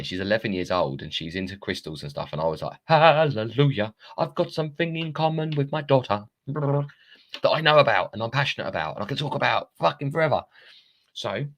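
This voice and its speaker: A man in his thirties with a low, deep voice chats live to his viewers through a phone. He rambles from thought to thought, drops the odd swear word and laughs at himself. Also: fairly bright tone. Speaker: live-streaming self-help coach. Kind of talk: casual live-stream monologue.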